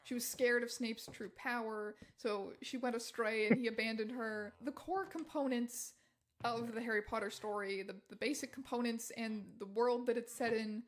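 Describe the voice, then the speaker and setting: A female text-to-speech voice, pitched a bit high, that reads a chat guest's typed messages in an even, machine-smooth way. It has none of the quirks of a live speaker. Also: moderate pace.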